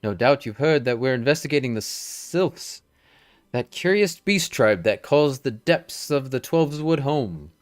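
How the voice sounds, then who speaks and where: A man's voice: medium pitch, lively intonation, a little slow, lightly acted. A man voicing a stern, formal male military commander with a stately, old-fashioned delivery, reading game dialogue aloud.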